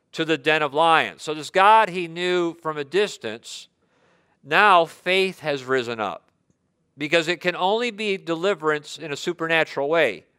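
A man's voice: on the high side, bright, forceful tone, clean tone. A man preaching a sermon, reading scripture aloud and acting out the voices he quotes, often repeating words as he searches for the next one. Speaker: pastor.

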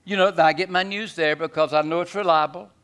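A man preaching a sermon in a folksy, animated way, swinging from loud to hushed. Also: fairly high pitch, a little fast, clean tone.

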